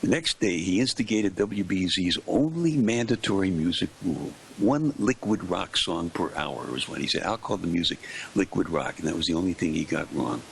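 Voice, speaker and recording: An older man, a veteran radio DJ, telling stories in an interview with punchy, dramatic pauses. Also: low-pitched, expressive, vocal fry, a little hiss or hum. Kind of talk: anecdotal storytelling in an interview.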